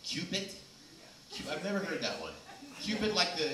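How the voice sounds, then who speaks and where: A man's voice: a little high, big pitch swings, normal speed. A man from Los Angeles doing a loose, rambling stand-up set with crowd work. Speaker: stand-up comic. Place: small comedy venue. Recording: echoey room from far off, noisy.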